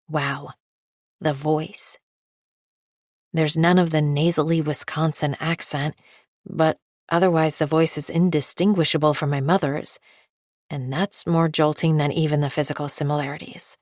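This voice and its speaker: A woman reading a first-person thriller audiobook in a measured, low-key way. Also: flat delivery, no echo, clean studio sound. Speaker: audiobook narrator. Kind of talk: scripted first-person narration.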